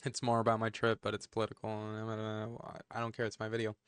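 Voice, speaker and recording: A man's voice: lowish voice, monotone, fast, clear, resonant tone, no echo, clean studio sound. A young man giving a casual, hesitant voice-over aside, mumbling with fillers. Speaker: vlogger.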